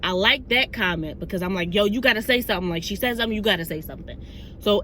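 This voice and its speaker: Female vlogger, bright tone, faint background noise, animated storyteller. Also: mid-range voice, fast. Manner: excited, animated retelling with quoted asides. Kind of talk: casual storytime vlog.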